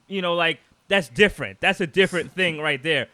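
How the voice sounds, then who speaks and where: A man co-hosting a podcast in casual chat, animated and rambling, with lots of "like"s and restarts. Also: a little high, brisk, no room sound. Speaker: podcast co-host.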